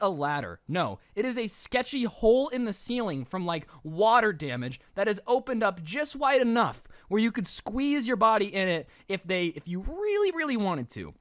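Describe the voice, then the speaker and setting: A man tells a story in a casual, joking way, tossing in exaggerated asides. His voice is high and very lively, swooping up and down. The sound is dry and close, with no room echo. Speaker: storytime narrator.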